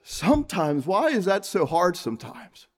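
A high-voiced man preaches an evening sermon in church. He reads scripture and turns often to the congregation with earnest questions. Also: very animated, moderate pace.

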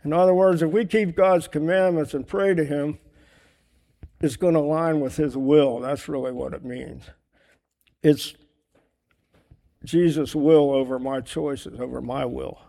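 Male preacher, earnest and questioning, somewhat high voice with a dark, mellow tone, sermon delivery. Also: fairly even intonation, measured pace, creaky, pauses often. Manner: earnest, asks rhetorical questions; writes on a board while teaching.

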